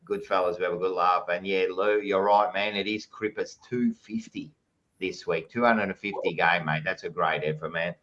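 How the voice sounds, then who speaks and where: A man's voice: deep voice, steady tone, moderate pace, a bit bright, lo-fi sound. An Australian man hosting a podcast, chatting casually and reading out live chat messages with jokey, blokey banter, calling everyone mate. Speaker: podcast host.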